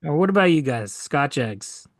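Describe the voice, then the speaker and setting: Man, co-host, slightly high voice, dry wit, dry close mic. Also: expressive, moderate pace, no room sound. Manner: dry wisecracks, reads ad-like copy aloud. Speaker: podcast co-host. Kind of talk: casual podcast chat.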